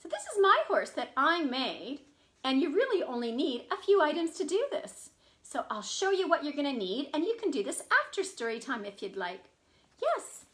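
A woman librarian hosting a storytime for small children from her home. Her voice is high and bright, swinging up and down with lively expression. She talks unhurriedly and animatedly, with frequent delighted gasps. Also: moderate pace. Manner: animated, gasping, cheerful to young kids.

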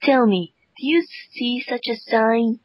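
A woman's voice: fairly high pitch, slightly rough, no room sound. A woman voicing a pompous, self-important male comic artist in a comic read-through over a call, speaking haughtily. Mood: haughty. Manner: haughty, disdainful, slow deliberate delivery. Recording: dull lo-fi call audio.

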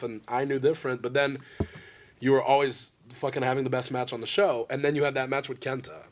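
A man's voice: medium pitch, brisk. A man interviewing a friend, telling long rambling stories bluntly and swearing freely. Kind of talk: candid interview conversation.

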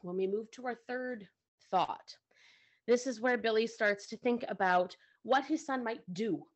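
A woman's voice: a little high, unhurried. Woman explaining music, chatty and patient. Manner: conversational, often checks in with "right?". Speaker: co-host and music teacher.

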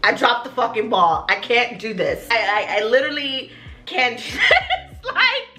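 A woman's voice: fairly high pitch, measured pace, echoey room, soft background music. A young woman vlogger telling a story to camera in a casual, cursing manner, acting out the people in it. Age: young adult. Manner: animated, cursing, acts out voices. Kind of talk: storytime vlog.

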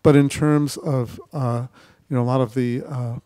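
Animated man on a festival panel. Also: mid-range voice, normal speed. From United States. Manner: animated storytelling, acting out mock quotes. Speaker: investor panelist. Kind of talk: panel discussion. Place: festival stage.

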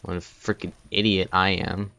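A man giving let's play commentary, muttering and humming to himself as he plays, with sudden loud excited outbursts. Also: deep voice, normal speed, creaky. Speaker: gaming video host.

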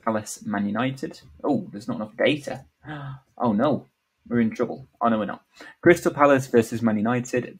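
A man's voice: medium pitch, husky, low-quality recording. A male vlogger talking casually through sports predictions, offhand and joking, with lots of "um" and "uh". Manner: offhand, joking, many fillers.

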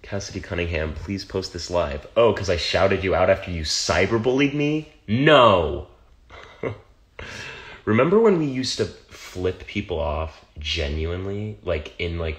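A man with an American accent, reading fan comments aloud on a phone livestream and answering them in a wry, teasing way. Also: sits low. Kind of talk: casual livestream Q&A.

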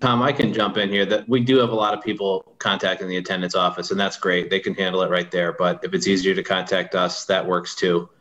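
A man's voice: sits low, flat delivery, brisk, few pauses, a bit bright, rough recording. A man, a school administrator, answering an attendance question in a helpful, matter-of-fact way over a video call. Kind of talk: virtual town hall Q&A.

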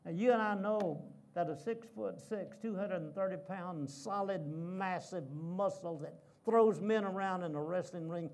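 High-voiced man preaching a story sermon. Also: unhurried, few pauses, a little mellow. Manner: dramatic storytelling with repeated phrases. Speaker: guest preacher. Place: church.

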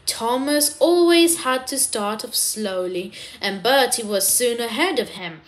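A woman reading a children's story aloud in an expressive, animated way. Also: fairly high pitch, unhurried, hardly any pauses, slight background noise.

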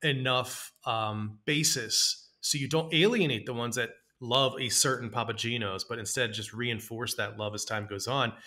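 A podcast host conducts a conversational interview, asking questions playfully, joking, and laughing a lot. His voice is medium-pitched with fairly even intonation, and he speaks at a moderate pace with hardly any pauses. His tone is bright and forceful.

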